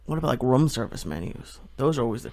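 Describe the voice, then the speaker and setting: Hesitant man with a gravelly edge. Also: mid-range voice, big pitch swings, quick pace, darkish tone. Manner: hesitant, anxious, filler-heavy. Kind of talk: casual chat.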